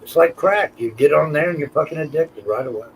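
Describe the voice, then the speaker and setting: A man's voice: on the high side, fairly quick, creaky, a little hiss or hum, low-quality recording. A man hosting a live online panel, blunt and profane, teasing his guests in crude casual banter. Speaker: panel show host.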